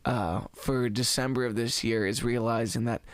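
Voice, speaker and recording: A man from the Cincinnati area in casual podcast conversation, animated and opinionated, cracking jokes and swearing a little. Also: medium pitch, normal speed, no echo. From Cincinnati area, USA. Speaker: podcast guest musician.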